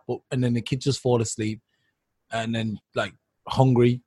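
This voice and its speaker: A podcast co-host on a casual talk show speaks at normal speed in a medium-pitched, mellow, husky voice with little pitch movement. He tells stories in a rambling way, often restarting and laughing through his words, in a dry recording.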